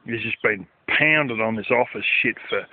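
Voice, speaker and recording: A man's voice: lowish voice, moderate pace, no room sound. A man, talking casually in a rambling vlog, swearing and using lots of fillers, recorded outdoors at night. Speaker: vlogger. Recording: dry, phone-like lo-fi sound.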